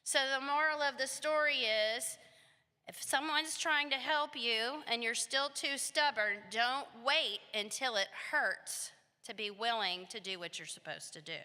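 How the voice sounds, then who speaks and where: Woman teacher, slightly high and bright, storytelling in an echoing hall. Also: a little slow. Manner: animated, asks the children questions. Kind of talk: storytelling to schoolchildren. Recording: long reverb of a hall.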